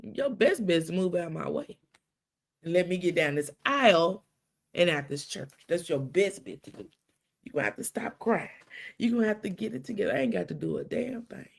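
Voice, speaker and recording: A middle-aged woman tells a personal story on her live stream. Her voice has a gravelly edge, and she acts out the dialogue, dropping to a hush and then climbing high with feeling. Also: a little fast. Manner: animated storytelling with quoted dialogue and dramatic hushes. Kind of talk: casual live-stream talk.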